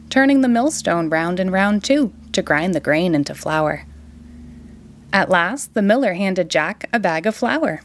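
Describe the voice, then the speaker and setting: Expressive woman reading a picture book aloud. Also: fairly low pitch. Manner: expressive, sing-song. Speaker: storytime reader.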